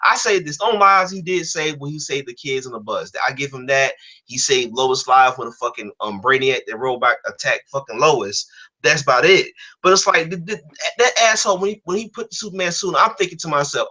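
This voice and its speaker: A man's voice: mid-range voice, brisk, pushed and bright. A man ranting in casual talk, angry and profane, often repeating himself as he argues. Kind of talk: heated casual rant.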